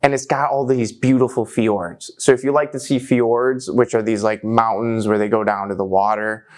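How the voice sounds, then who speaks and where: A man's voice: lowish voice, normal speed. A young man chatting casually, telling stories with lots of slang and filler words. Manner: animated, slangy, lots of "like" and "bro". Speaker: musician and guest. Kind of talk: casual storytelling chat.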